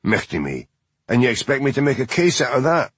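A man's voice: medium pitch, sing-song, brisk, a bit bright, slightly rough, no echo, voice pushed up. A man voicing a bullying, hard-drinking Scottish detective chief inspector who blusters and threatens. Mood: blustering.

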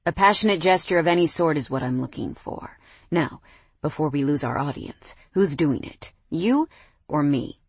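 A woman's voice: low voice, expressive, moderate pace, a little mellow, slightly rough, no room sound, exaggerated voice. A woman narrator voicing a cocky, teasing young man with a smug, playful drawl.

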